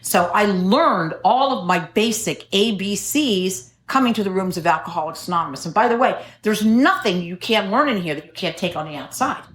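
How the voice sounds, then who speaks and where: A woman's voice: medium pitch, expressive, moderate pace, hardly any pauses, fairly bright tone. A middle-aged woman telling her recovery story at a meeting, wry and self-mocking, joking as she goes. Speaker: AA speaker. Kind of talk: personal recovery talk at a meeting. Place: meeting room. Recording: echoey meeting room.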